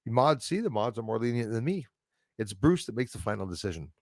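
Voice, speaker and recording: Very animated and quick, a medium-pitched man runs a live stream with studio-quality sound and no room tone. He reads out chat comments, rambles casually, laughs a lot, and lets thoughts trail off unfinished.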